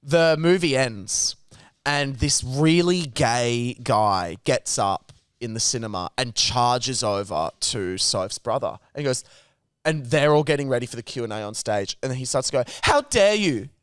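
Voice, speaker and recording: A man's voice: mid-range voice, unhurried, smooth, no room sound. A young man telling a story in casual podcast chat, swearing often and acting out the people in it. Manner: animated storyteller, swears a lot, acts out scenes. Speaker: podcast co-host.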